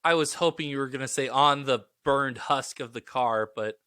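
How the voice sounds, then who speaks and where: A man bantering on a podcast, dropping wry, deadpan quips. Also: medium pitch, moderate pace, clear, resonant tone, no echo, clean studio sound. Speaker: podcast co-host.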